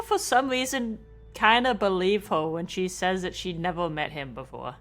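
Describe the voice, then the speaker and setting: A woman's voice: fairly low pitch, moderate pace, faint music behind. A woman streaming a game, chatting casually, swearing and joking about the story. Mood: musing. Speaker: VTuber streamer. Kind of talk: casual let's-play commentary.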